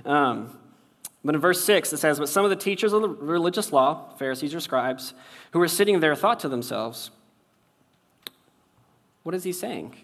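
A man preaching a conversational sermon, wry and casual, shifting between loud and soft for emphasis. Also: on the high side, lively intonation, moderate pace, pauses often. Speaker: pastor.

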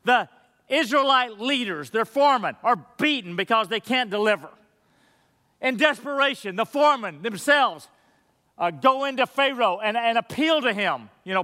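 A man preaching a sermon as pastor, earnest and emphatic, slowing down on key words. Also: very high-pitched, expressive, pushed and bright. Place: church sanctuary. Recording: long hall reverb.

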